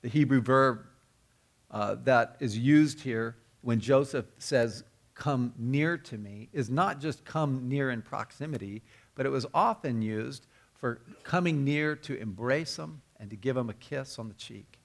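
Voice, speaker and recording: Man, pastor, sermon, gravelly voice, earnest storytelling, restarts words. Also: medium pitch, measured pace.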